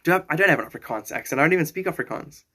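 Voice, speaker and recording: A man in his forties with a South African accent chats on a live stream. His voice sits a little high, and he keeps a loose, playful tone as he answers viewers' comments and jokes with them. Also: lively intonation, very fast, bright, forceful tone. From born in Zimbabwe, raised in South Africa. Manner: chatty, joking and playful. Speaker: livestreamer.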